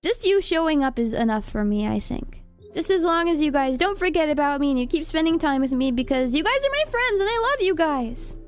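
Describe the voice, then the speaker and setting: A woman's voice: sits high, expressive, fairly quick, soft background music. A young woman streamer chatting casually with viewers, reading chat aloud and giggling often while she does her nails.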